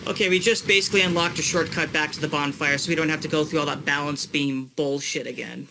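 A man's voice: on the high side, steady tone, fast, gravelly, background noise. A young adult man coaching his father through a video game with short, patient instructions. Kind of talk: casual gaming coaching.

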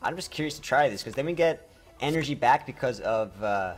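A man commenting on his own gameplay for a live stream, with a middle-range voice. He talks straight to his viewers, gets excited, and trips over his words as he goes. Faint game music plays under him. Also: medium pitch, brisk.

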